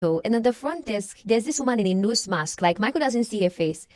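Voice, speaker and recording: A woman's voice: medium pitch, lively intonation, brisk, darkish tone, no echo, clean studio sound. A young woman, casually recapping a movie and acting out the characters' lines. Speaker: movie reaction vlogger.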